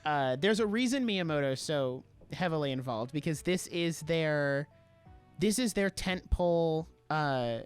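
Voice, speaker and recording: Animated young man arguing on a podcast. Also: on the high side, a little slow, clear, resonant tone, faint music behind. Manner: animated, opinionated, defensive. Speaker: podcast co-host. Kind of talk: casual podcast chat.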